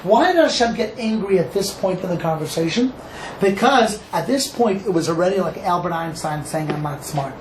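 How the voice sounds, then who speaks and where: A male rabbi from Cleveland, Ohio, giving an animated Torah class and acting out dialogue for a live group. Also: sits high, moderate pace. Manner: animated, acts out dialogue, asks the audience questions. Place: echoey room with a small audience. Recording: echoey room with faint noise.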